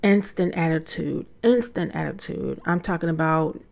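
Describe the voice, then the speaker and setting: A woman's voice: low voice, moderate pace, gravelly. A woman in her thirties hosting a casual talk, candidly telling a story about her teenage son and acting out quoted lines. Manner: candid, animated, acts out quotes in conversation. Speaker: podcast host, mother of a teen.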